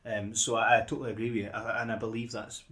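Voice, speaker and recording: A man's voice: medium pitch, little pitch movement, quick pace, fairly bright tone. A man co-hosting a podcast in casual chat, often repeating words as he starts a sentence. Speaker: podcast co-host.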